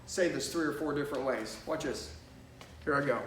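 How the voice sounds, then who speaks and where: A man's voice: mid-range voice, normal speed, a bit bright, a little hiss or hum. A man teaching a sales lesson, emphatic and punchy, often asking "okay?" and saying "watch this". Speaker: sales trainer. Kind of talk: energetic sales training lesson. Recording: echoey room from a distance.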